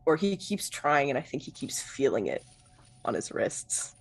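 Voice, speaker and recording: A tabletop player describing their character haltingly, pausing to search for words. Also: mid-range voice, very animated, vocal fry. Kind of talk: casual tabletop role-play.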